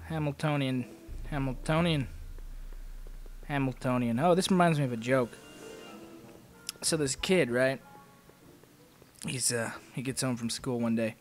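A man's voice: mid-range voice, a little slow, long pauses, faint music behind. A man playing a video game and commenting, rambling goofily and telling jokes. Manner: goofy, rambling joke-telling. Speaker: let's play host. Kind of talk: let's play commentary.

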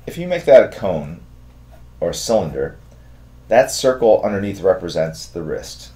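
A middle-aged man hosting a live drawing stream, giving relaxed, rambling step-by-step instructions and thanking viewers in the chat. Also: low voice, normal speed. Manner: relaxed, rambling instructions with fillers and chat-reader shout-outs. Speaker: artist hosting a draw-along stream.

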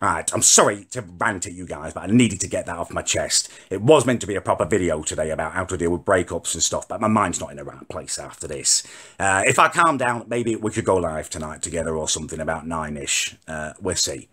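A man with a low, slightly bright voice talks a bit fast from a distance to the mic. A character comedian, he rants indignantly to camera in a comic monologue, swearing through his story in an echoey room.

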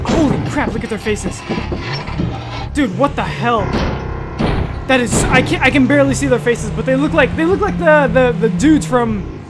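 Young guy gamer w/ a high voice, yells a lot at the bad guys, game music going behind him. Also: normal speed, pauses often. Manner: excitable, yelps and shouts at enemies, then calm musing. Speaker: gaming YouTuber. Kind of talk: let's play commentary.

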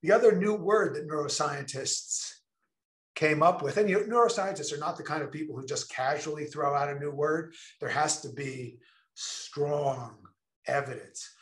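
A man giving an enthusiastic online presentation, stressing key words slowly and deliberately. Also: fairly high pitch, reverberant.

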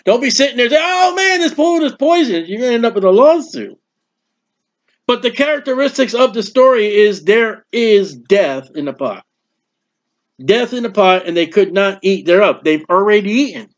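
A man with a high voice preaches a sermon, spinning homely stories and acting out what people say in them. The sound is dull and lo-fi, like an old church tape. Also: lively intonation, moderate pace. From United States. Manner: folksy storytelling with acted quotes. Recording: dull lo-fi recording.

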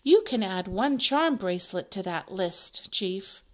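A woman's voice: mid-range voice, lively intonation, measured pace, close to an everyday voice. A woman teacher reading aloud the part of an eager young girl detective in a children's play.

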